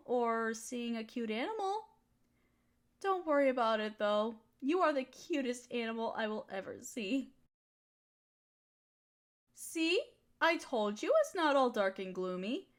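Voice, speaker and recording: A young woman in a whispered role-play, talking in a gentle, affectionate and teasing way. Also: fairly high pitch. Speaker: audio role-play performer.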